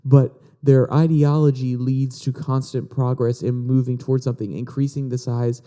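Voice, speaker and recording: Very dark-voiced male podcast host. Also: medium pitch, flat delivery, normal speed, clean tone. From Virginia, USA. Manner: conversational, explains articles, reads quotes aloud. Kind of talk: casual political commentary.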